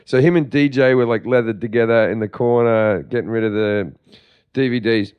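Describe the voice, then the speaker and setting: A man co-hosting a podcast, telling a comedic story with animated energy, laughing as he goes and swearing freely. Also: medium pitch, moderate pace, smooth, phone-quality sound. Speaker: podcast co-host.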